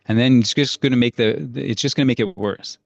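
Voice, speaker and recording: A man's voice: medium pitch, quick pace, creaky, dry recording, dull audio. A man teaching parents a strategy in an earnest, storytelling way. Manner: earnest, storytelling with acted-out quotes. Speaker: parenting coach.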